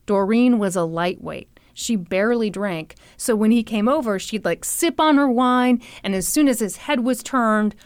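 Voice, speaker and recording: A young woman hosting a podcast, telling a true crime story in an animated, chatty way full of "like" and "you know". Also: a little high, normal speed, few pauses, smooth, no echo. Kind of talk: casual storytelling chat.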